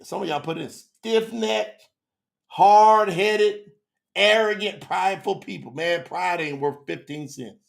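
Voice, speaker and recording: Fervent high-voiced preacher, gravelly edge. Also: male voice, takes it slowly. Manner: fervent, preacherly, big swings from loud to hushed. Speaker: scripture teacher on a livestream. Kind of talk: passionate live scripture teaching.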